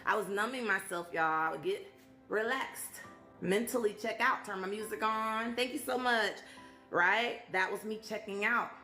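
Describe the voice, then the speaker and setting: A woman's voice: mid-range voice, normal speed, sharp tone, echoey room, faint music behind. A woman in her thirties who hosts a live stream, talking casually to her viewers and sharing her testimony in an emotional, motivational way. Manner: emotional, testimony-style, talks to viewers directly. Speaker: live stream host and speaker.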